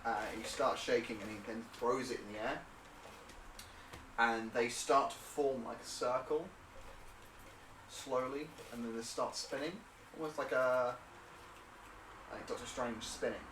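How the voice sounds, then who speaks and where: A man's voice: medium pitch, steady tone, unhurried, long pauses, background noise. A man narrating a tabletop game as game master, rambling with many fillers and hesitations. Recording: roomy and distant.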